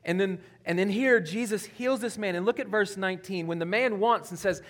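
High-voiced man preaching a sermon. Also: brisk, hardly any pauses. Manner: conversational preaching, voice rising on questions and dropping low on key points. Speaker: pastor.

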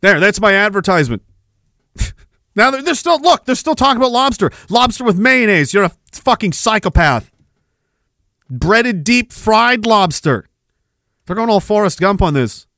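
A high-voiced man hosts a livestream podcast, rambling through a profane rant with free swearing and chuckles, shifting from loud bursts to half-mumbled asides. His intonation is lively and his pace moderate, and the sound is close and dry with no echo or room around it.

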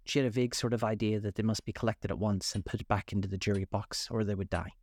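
A man narrating a children's classic aloud in a measured, expressive read-aloud style. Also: lowish voice, no room sound. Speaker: storyteller. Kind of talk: scripted narration.

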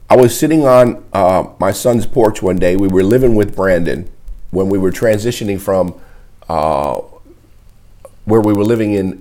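A middle-aged man, a pastor, preaching an emotional sermon in a halting, repetitive way, close to tears. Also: deep voice, mellow. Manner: emotional, wears heart on sleeve; halting, repeats words often. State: tearful. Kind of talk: livestreamed sermon.

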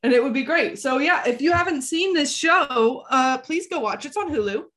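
A woman co-hosting a podcast in casual chat, animated and quick to slip into playful impressions. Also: sits high. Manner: animated, often slips into a posh drawling impression. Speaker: podcast co-host.

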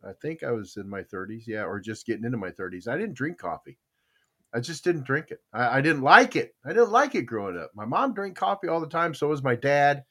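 Chatty, bright-voiced older man. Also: medium pitch, very animated, a little fast. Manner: rambling storyteller, many restarts and fillers; chuckles often. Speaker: podcast host. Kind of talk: casual podcast chat with live chatroom.

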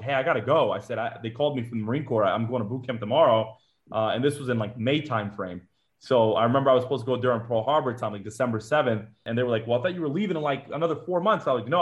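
A man from Georgia talks quickly and casually as an interview guest, recounting his time as a Marine. He acts out what people said and scatters "like" and "uh" through his speech. His pitch is average for a man. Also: highs cut off. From Georgia, USA. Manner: chatty, acts out quotes, frequent "like" and "uh" fillers.

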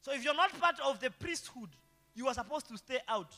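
Male pastor, high bright voice, preaching in a reverberant hall over light guitar. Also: expressive, a little fast. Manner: preaching with rhetorical call-and-response questions. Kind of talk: sermon.

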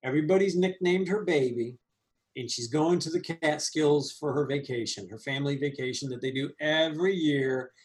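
Animated man chatting about a movie. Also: fairly high pitch. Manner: animated, laughing, quick asides. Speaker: podcast co-host. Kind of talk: casual movie review chat.

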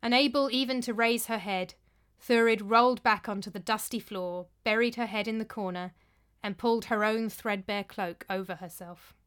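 A woman reading a story aloud in a measured, even narrating voice. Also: mid-range voice, smooth. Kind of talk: audiobook narration.

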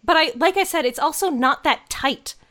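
A woman's voice: sits high, moderate pace, pushed and bright. A young woman co-hosting a podcast, joking wryly and laughing as she chats about a movie. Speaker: podcast co-host. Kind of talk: casual movie review chat.

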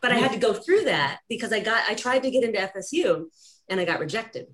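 A woman's voice: mid-range voice, expressive, fast talker, a bit bright. A woman hosting a podcast, telling stories casually, laughing often and acting out the voices she quotes. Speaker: podcast host. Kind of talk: casual conversational storytelling.

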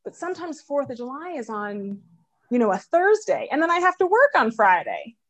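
A woman's voice: sits high, big pitch swings, moderate pace, no echo. A woman in her thirties from New York and New Jersey, a podcast guest telling friendly, wry stories. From New York City and rural New Jersey. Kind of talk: casual interview chat.

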